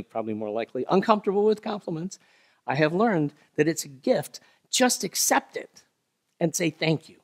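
Pastor, man, slightly higher voice, delivers a chatty, self-deprecating sermon. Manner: conversational, self-deprecating, acts out little dialogues; slow, solemn scripture reading.

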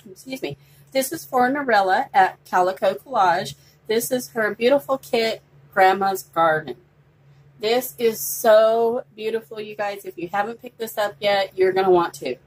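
A woman's voice: mid-range voice, measured pace, low-quality recording. A woman presenting a handmade paper journal in a casual show-and-tell, chatty and gushing, with some fillers. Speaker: craft vlogger.

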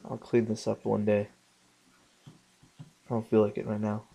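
A young man narrates his game session at an unhurried pace, muttering under his breath between outbursts. He swears freely and jumps loud when the game surprises him. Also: lowish voice, completely flat delivery, gravelly. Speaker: gaming channel host. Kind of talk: casual let's play commentary.

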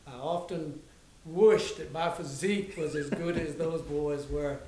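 A man playing a wealthy eighteenth-century plantation owner who reminisces fondly, with sighing exclamations and halting restarts. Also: fairly even intonation, a little mellow, natural voice. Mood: nostalgic. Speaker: historical reenactor. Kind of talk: historical reenactment dialogue. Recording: roomy with faint low rumble.

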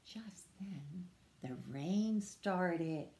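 A woman librarian reads a picture book aloud to small children, slowly and with a lively, rising and falling voice. Her tone carries a gravelly texture. The room is echoey. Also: on the low side. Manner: slow, lively, questions to children. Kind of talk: preschool storytime reading.

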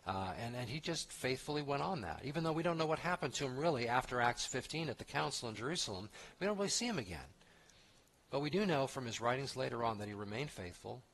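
Man, pastor, sermon, husky voice, medium pitch, conversational, emphatic. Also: lively intonation, fast, fairly bright tone. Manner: conversational, emphatic, with restarts and asides. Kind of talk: expository sermon.

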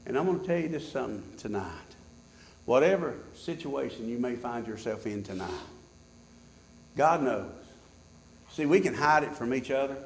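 A pastor preaching a sermon in church, swinging between loud high peaks and low, quiet asides. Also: male voice, lively intonation, moderate pace, creaky, pauses often, roomy sound, slight background noise.

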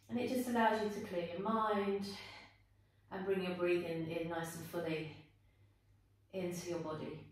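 A woman yoga teacher calmly talking students through a guided flow, with gentle encouraging cues. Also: lowish voice. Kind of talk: guided yoga class instruction. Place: indoor room, teacher on her mat. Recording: echoey room, voice from a distance, faint background noise.

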